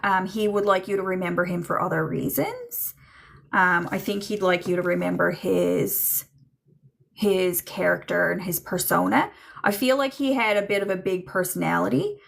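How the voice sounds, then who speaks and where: A woman's voice: lowish voice, normal speed, creaky. A woman giving a medium reading on a livestream, chatty and hesitant, with lots of fillers and frequent laughter.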